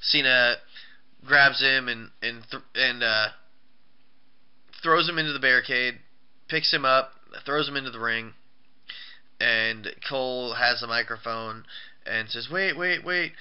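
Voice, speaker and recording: A man's voice: medium pitch, steady tone, unhurried, pauses often, clear, resonant tone. A man casually recapping a wrestling show, rambling with restarts and fillers. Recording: dull lo-fi recording.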